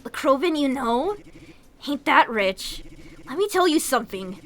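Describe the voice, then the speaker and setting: A woman reading game dialogue aloud, voicing an angry, foul-mouthed young man who talks loud and scornful. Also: high voice, sing-song, a little slow, slight background noise, exaggerated voice.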